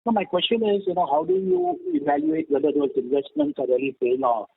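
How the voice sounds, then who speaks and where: A man with a higher, animated voice questions company management as an analyst, leaning on fillers as he talks. His voice is gravelly and husky. He comes through a tinny, dry phone line. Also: fairly quick. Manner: lively, filler-heavy questioning. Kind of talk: earnings call questions.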